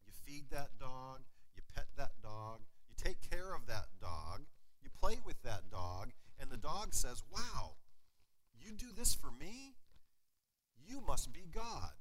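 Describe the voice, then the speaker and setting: In a church sanctuary, a pastor with a mid-range voice preaches a lively sermon, asking his congregation questions and joking with them. The audio is poor, with slight background noise.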